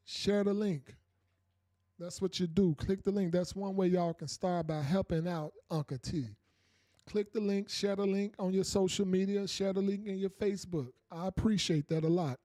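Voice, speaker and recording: A man's voice: high voice, dark tone, no room sound, studio quality. A man hosting a casual call-in podcast, talking loosely and repeating himself as he speaks straight to his viewers. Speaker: podcast host.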